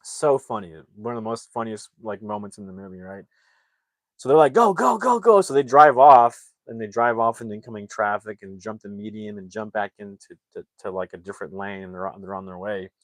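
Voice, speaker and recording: A man with a lowish voice and steady tone speaks briskly, with no room sound. As a movie reviewer, he casually retells a film's plot in a rambling, filler-heavy way, acting out the characters' lines.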